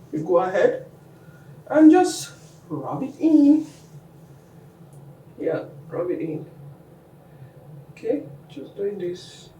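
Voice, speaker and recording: Slow-talking woman hair vlogger, roomy sound. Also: sits low. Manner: chatty, talks the viewer through each step. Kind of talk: casual how-to vlog. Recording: echoey room, mic at a distance, faint noise.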